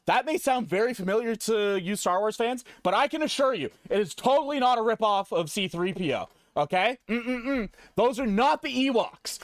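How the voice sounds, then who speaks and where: A man's voice: high-pitched, no echo. A man streaming, giving a mock-serious, profane comedy slideshow rant.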